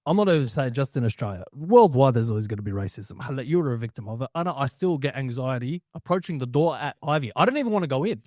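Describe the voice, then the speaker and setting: A man's voice: medium pitch, very animated, quick pace, hardly any pauses, darkish tone, dry recording, clean studio sound. A man in his thirties hosting a podcast, jumping in with emphatic, casual remarks. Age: 30s. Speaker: podcast host. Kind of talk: casual chat.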